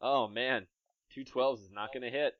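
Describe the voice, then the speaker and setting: A man running a tabletop game as game master, playful and narrating combat with quick asides. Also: mid-range voice, fairly even intonation. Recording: dry, slightly dull podcast mic.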